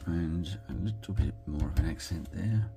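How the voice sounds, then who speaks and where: An Australian man talking casually as he makes a card, thinking aloud and quietly murmuring approval at his work. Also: sits low, moderate pace, vocal fry, soft background music. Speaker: card-making crafter. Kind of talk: casual commentary while crafting.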